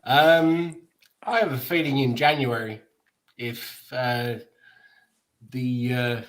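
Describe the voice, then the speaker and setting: A man's voice: medium pitch, steady tone, slow pace, fairly bright tone, low-quality recording. A man co-hosting a casual football podcast, hesitant and full of ums. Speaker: podcast co-host. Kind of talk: casual fan podcast chat.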